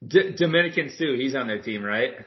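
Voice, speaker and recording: A man's voice: mid-range voice, expressive, fairly quick. Man, casual podcast co-host, swears, laughs often, muffled recording. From Milwaukee. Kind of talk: casual chat. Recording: dull lo-fi podcast audio.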